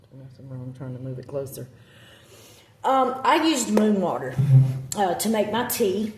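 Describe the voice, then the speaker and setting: A woman's voice: low-pitched, reverberant, slight background noise. A woman with a Southern accent chatting casually to her phone camera, rambling with lots of ums and self-corrections. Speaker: witch vlogger.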